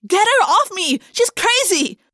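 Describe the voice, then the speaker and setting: A woman voicing a tough, loud teenage girl bully who talks in an indignant way. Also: extremely high pitch, sing-song, unhurried, dry recording, studio quality, pitched above the performer's own voice, heavily acted. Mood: shrill panic.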